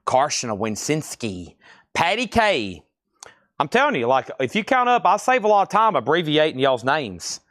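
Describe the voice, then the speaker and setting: A man with a Southern US accent from Tennessee, running a live record sale stream with fast, joking auction patter. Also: fairly high pitch, fairly bright tone, dry recording, clean studio sound. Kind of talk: live sales auction chat.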